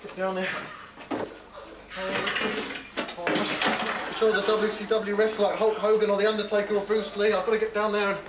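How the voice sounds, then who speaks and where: A man's voice: high-pitched, level tone, normal speed, natural voice. A man playing a dithering cowardly hero. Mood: fretful. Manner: fretful, self-talking, dithering. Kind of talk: comic monologue. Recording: echoey room, loud broadcast hiss.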